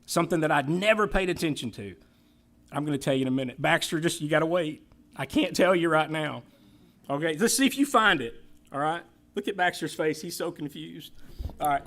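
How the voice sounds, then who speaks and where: A man's voice: on the high side, fairly quick, fairly bright tone. A man leading a church Bible class in a chatty, joking way. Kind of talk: casual church class talk.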